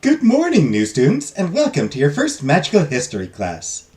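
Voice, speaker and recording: A man's voice: a little high, wildly swooping pitch, normal speed, darkish tone. A man putting on a prim magic teacher lady. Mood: welcoming. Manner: reading game dialogue aloud.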